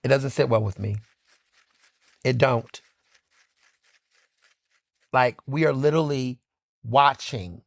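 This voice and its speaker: A man's voice: mid-range voice, gravelly, no room sound, clean studio sound. A man hosting his own podcast, giving fired-up commentary with emphatic repetition, swearing and many "like" fillers. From Philadelphia. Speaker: podcast host. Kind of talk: impassioned solo commentary.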